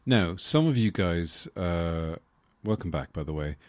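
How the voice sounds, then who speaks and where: Deep-voiced man rambling on his podcast. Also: a little slow, loud music behind the voice. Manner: rambling deadpan humor with many fillers. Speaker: podcast host. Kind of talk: casual solo podcast monologue.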